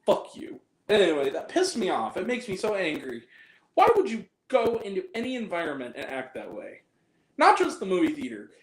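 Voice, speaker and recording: A man hosting a movie review vlog, venting in a heated, profane rant and often repeating himself. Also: high voice. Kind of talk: angry ranting vlog monologue. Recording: roomy echo.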